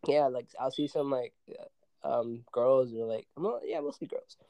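A young man co-hosting a podcast, talking in a relaxed way, swearing freely and laughing often. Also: medium pitch, a little slow, no echo, low-quality recording. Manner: laid-back, swears a lot, laughs often. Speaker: podcast co-host. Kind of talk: casual chat.

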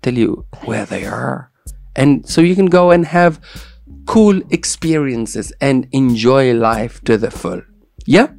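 A man's voice: medium pitch, animated, slow pace, gravelly, darkish tone, dry recording. A man hosting a radio show in casual, joking chat, with playful banter and repeated catchphrases.

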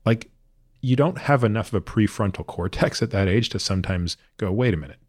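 A man with a very low voice hosts a casual podcast conversation. He muses out loud and leans on filler words as he goes. The sound is dry and close, with no room around it. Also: expressive, a little fast, no echo. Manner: reflective, loose, lots of "like" and "you know". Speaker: podcast host. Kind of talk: casual interview chat.

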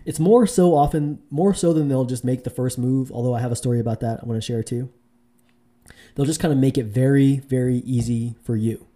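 Speaking fairly quickly in a mellow voice, a male vlogger tells a dating story to camera as part of his dating advice. His delivery is casual and rambling, packed with fillers and restarts, and he imitates women using a high voice.

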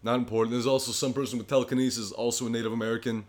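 A man co-hosting a podcast, with a low voice, recapping a story in a rambling, profane casual chat. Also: level tone, racing. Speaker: podcast co-host.

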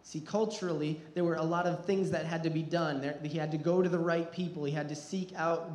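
Male pastor, fairly high voice, earnest sermon delivery, roomy echo. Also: steady tone, brisk, a little mellow. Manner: earnest, repeats words when restarting, rises in intensity.

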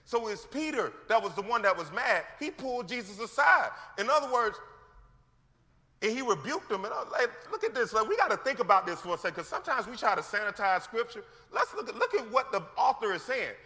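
High, bright-voiced preaching man. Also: fairly quick. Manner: animated, slangy preaching that acts out scripture scenes. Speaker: pastor. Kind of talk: sermon. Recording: long hall reverb.

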